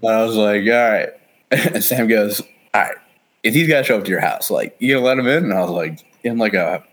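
A man's voice: fairly low pitch, a little fast, fairly bright tone. A man in his thirties in casual chat, rambling through stories, laughing often and swearing. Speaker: friend chatting.

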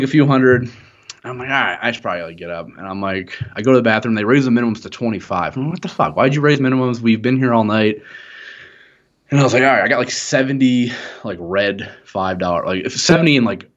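A man's voice: medium pitch, highs cut off. A young man co-hosting a podcast, telling a long story in a rambling, profane, laughing way. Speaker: podcast co-host. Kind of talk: casual storytelling chat.

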